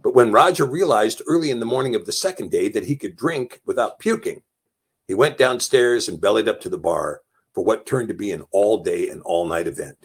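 An audiobook narrator reads a novel aloud, telling it plainly and giving the dialogue light character voices. His voice is husky and on the low side, expressive and brisk in this scripted narration.

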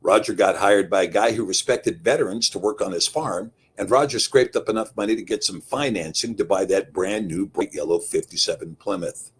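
A man narrating a story in a folksy, unhurried way. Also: sits low, a little hiss or hum. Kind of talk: scripted narration.

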